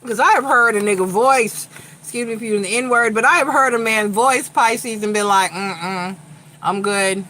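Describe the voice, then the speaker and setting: Bright-voiced, blunt Long Island woman. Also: on the high side, a little fast, a little hiss or hum, poor audio. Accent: Long Island New York with a slight Southern tinge. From Long Island, New York. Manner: blunt, chatty, profane storytelling. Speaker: tarot reader. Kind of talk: casual livestream tarot chat.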